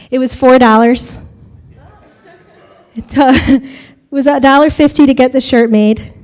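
A woman's voice: high voice, slow pace, long pauses, darkish tone. An American woman giving a chatty testimony to a church congregation about mission work, often laughing as she talks. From United States.

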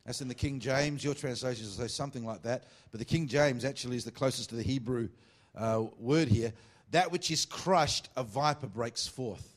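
A pastor preaches with a voice sitting squarely in the middle of the male range. He teases his congregation with quick jokes, then presses his points with emphasis and reads scripture slowly and deliberately. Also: medium pitch. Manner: jokey, teasing asides to the congregation between emphatic preaching. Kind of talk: sermon.

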